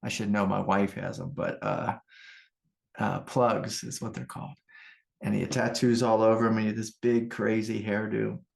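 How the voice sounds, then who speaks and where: A man's voice: on the low side, normal speed, creaky. A middle-aged American man, a meditation teacher, giving an informal, rambling spiritual talk full of anecdotes and fillers. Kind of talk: casual spoken satsang talk.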